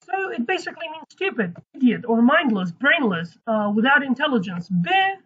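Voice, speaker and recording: A woman's voice: high voice, sing-song, normal speed, a bit bright, a little hiss or hum. A woman teaching a language lesson in a casual, chatty way, often correcting herself and adding playful asides. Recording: dull lo-fi recording.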